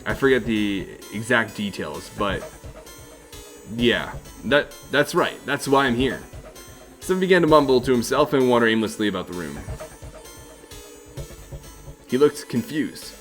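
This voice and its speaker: A man's voice: mid-range voice, lively intonation, a little slow, long pauses, a bit bright, soft background music. Casual man reading a game aloud. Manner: casual, chuckling asides between read lines. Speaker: let's play host.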